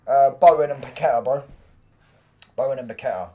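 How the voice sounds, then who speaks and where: A young man streaming a live football watchalong, talking to his chat in loose, slang-filled banter. His voice sits at an ordinary middle pitch, and he keeps up a running stream of reactions to the game. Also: a little fast, warm tone.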